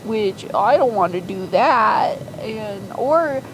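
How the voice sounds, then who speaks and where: A woman's voice: medium pitch, expressive, slow, slight background noise, voice pushed up, low-quality recording. A woman voicing a sweetly manipulative young adult daughter who talks in a saccharine, sing-song pleading way.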